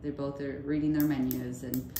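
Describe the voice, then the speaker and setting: A woman with a low, deep speaking voice tells stories on a podcast in a loose, chatty way. She acts out the people in her stories with sudden jumps in her voice. The room sounds echoey, with a faint hiss behind her. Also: moderate pace. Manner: animated, acts out quoted voices with big pitch jumps. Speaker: podcast co-host. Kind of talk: casual storytelling chat.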